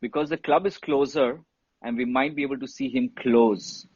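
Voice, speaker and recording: Man, husky voice, dry muffled sound, lively casual storyteller. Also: mid-range voice, moderate pace, dry recording. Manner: animated, swears freely, says bro and dude. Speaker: guest telling a story. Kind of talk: casual storytelling on a live stream.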